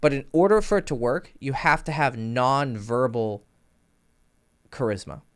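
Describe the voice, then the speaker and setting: A man's voice: medium pitch, animated, measured pace, clean tone. A young man casually coaching on dating and charisma. He swears freely and uses vocal sound effects. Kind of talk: casual advice monologue.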